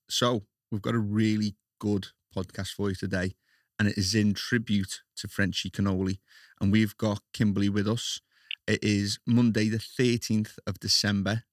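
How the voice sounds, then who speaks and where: A man's voice: lowish voice, flat delivery, normal speed, no room sound, clean studio sound. A man with a Scouse accent hosting a podcast interview, friendly and chatty, often laughing at his own slips. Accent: Liverpool Scouse. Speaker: podcast host.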